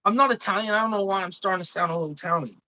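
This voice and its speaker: A woman's voice: mid-range voice, racing, pushed and bright, no echo, low-quality recording. Woman ranting on a live stream, swears constantly, dry close mic. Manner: swears a lot, indignant and opinionated. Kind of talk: casual live stream chat.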